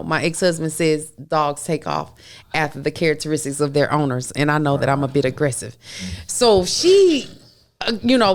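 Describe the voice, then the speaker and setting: A woman hosting a podcast, telling a story in casual chat, animated and profane, often breaking into laughter. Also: lowish voice. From US Midwest. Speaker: podcast host.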